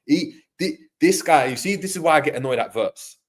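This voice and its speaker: A young man co-hosting a casual football chat, slangy and animated, often acting out players' voices. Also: a little high, a little fast. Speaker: football podcast co-host.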